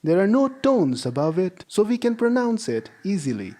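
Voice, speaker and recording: A man teaching a language lesson, saying model sentences slowly for students to repeat and praising them. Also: high voice, big pitch swings, warm tone. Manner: slow, drawn-out model sentences for repetition; encouraging, praises imagined students. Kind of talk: classroom-style language lesson.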